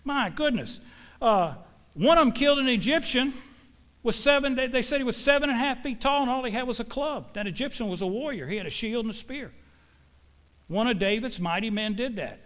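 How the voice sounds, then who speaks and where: A man with a fairly high voice for his sex, preaching in a church. He speaks in a folksy, emphatic way and leans on homespun sayings to drive each point home to his congregation. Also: animated, a little fast, fairly bright tone. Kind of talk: sermon.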